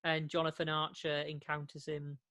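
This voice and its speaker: A man's voice: a little high, completely flat delivery, moderate pace, pushed and bright, dry recording. A man co-hosting a podcast in casual chat, rambling with frequent restarts and laughter. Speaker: podcast co-host.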